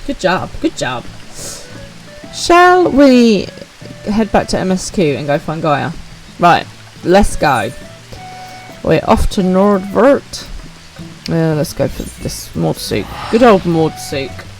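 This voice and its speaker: A woman's voice: low-pitched, expressive, a little slow, vocal fry, few pauses, soft background music. A woman, chatting upbeat with viewers while streaming a game live.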